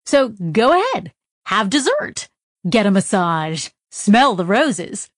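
A woman's voice: medium pitch, very animated, slow, no room sound, clean studio sound. A woman reading a storybook aloud, voicing a cheery message hidden in a user manual, enthusiastic and salesy.

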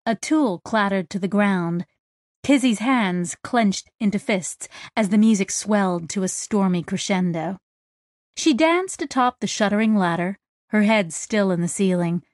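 A woman narrating a novel in a measured, descriptive way on a close studio mic. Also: mid-range voice, dry recording. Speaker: audiobook narrator. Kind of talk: scripted narration.

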